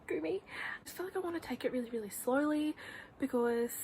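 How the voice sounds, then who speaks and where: A woman's voice: high-pitched, animated, fast, a little mellow, a little hiss or hum, low-quality recording. Gushing young woman vlogging about books. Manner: gushing, rambling, often drops to a whisper. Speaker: book vlogger. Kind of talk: casual reading vlog chat. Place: home room.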